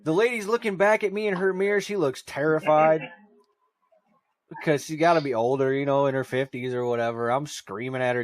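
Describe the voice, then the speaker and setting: A man's voice: medium pitch, normal speed, dry recording. This is a man in his thirties, heard on a dry mic with hardly any room sound. He is in the middle of a casual podcast chat, ranting through stories. His talk is loaded with swearing. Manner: ranting, worked-up storytelling with heavy swearing. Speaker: podcast co-host.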